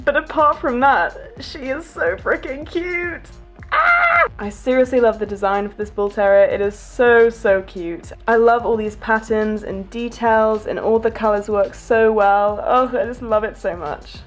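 A woman hosting a casual unboxing vlog, gushing and excitable with frequent gasps over her new toys. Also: medium pitch, moderate pace, few pauses, faint music behind. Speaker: toy collector vlogger.

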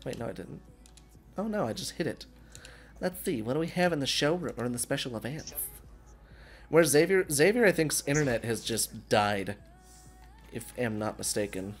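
A man's voice: medium pitch, moderate pace, long pauses, slightly rough, soft background music. A man hosting a gaming livestream, chatting casually and swearing a lot as he plays. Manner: animated, swearing, laughing often. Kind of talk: casual profane gaming banter.

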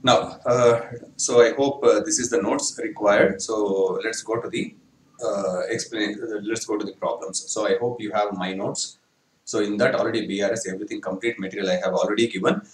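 A man's voice: lowish voice, steady tone, normal speed, a little hiss or hum. A man teaching accounting in an online class. He speaks Indian English, repeats himself and often checks with "correct?" and "my dear friends". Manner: repetitive, keeps checking understanding with "correct?"; addresses students as "my dear friends". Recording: echoey room.

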